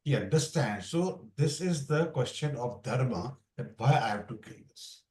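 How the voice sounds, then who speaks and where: In the same relaxed Gita class, he rambles through scripture, switching between Hindi and English and often starting sentences over. His medium-pitched voice has lively intonation, a moderate pace and a slightly mellow quality, picked up at a distance with roomy sound.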